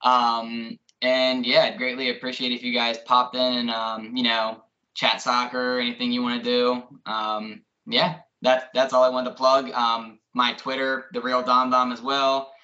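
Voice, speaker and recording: A man as a podcast guest, talking casually and hesitantly with many pauses. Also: mid-range voice, level tone, bright, forceful tone. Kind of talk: casual chat. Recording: dull lo-fi audio.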